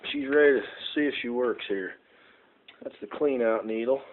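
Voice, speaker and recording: A home repair vlogger with a medium-pitched voice and moderate pace fixes a lantern while talking in a casual, folksy way. He calls his viewers "folks" and rambles with plenty of "uh"s. It was recorded indoors at home on a phone, so it sounds tinny with faint noise.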